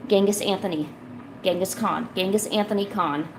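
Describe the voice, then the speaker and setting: A woman's voice: medium pitch, normal speed, background noise. A woman streaming from home while drawing, chatting casually with lots of fillers and stopping to coax her cat. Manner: rambling, filler-heavy, coaxing her cat. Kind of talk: casual chat. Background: lo-fi music.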